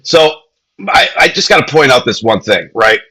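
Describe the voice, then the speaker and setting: Bright, husky mocking podcast host. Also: male voice, medium pitch, expressive, moderate pace, low-quality recording. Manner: blunt, mocking. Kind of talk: casual commentary.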